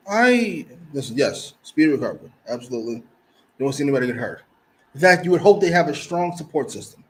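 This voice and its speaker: A man's voice: fairly high pitch, sing-song, brisk, low-quality recording. A man co-hosting a casual wrestling review podcast, talking bluntly, profanely and mockingly. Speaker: podcast co-host.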